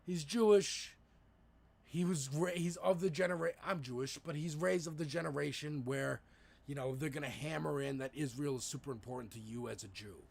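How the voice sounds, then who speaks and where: A man's voice: a little high, normal speed, creaky, darkish tone, slightly rough. A man co-hosting a casual political livestream, talking in a profane, rambling way with frequent restarts. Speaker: livestream co-host. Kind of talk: casual political talk stream.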